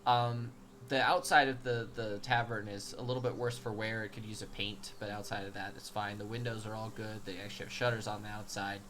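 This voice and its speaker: A man's voice: lowish voice, fairly even intonation, fairly quick, few pauses, a bit bright, slight background noise. A man narrating a tabletop game as game master, rambling and hesitant with many ums.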